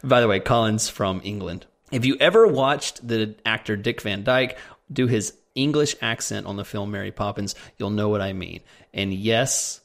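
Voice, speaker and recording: A man's voice: on the low side, normal speed, creaky. A man co-hosting a casual question-and-answer show, reading out listener questions and teasing his co-host. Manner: joking, teasing. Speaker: podcast co-host.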